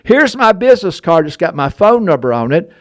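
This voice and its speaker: Older southern guy hosting, chatty storyteller, slightly high voice, goes low n slow for quotes. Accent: Southern American. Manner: animated, drops low and slow to quote others. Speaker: show host and storyteller. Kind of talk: casual storytelling chat.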